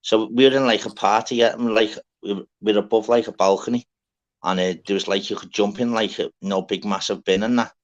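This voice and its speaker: A man's voice: on the low side, steady tone, a little fast, dull audio. A man from Scotland telling a rambling, swear-filled party story in casual chat, repeating "lad" as he goes.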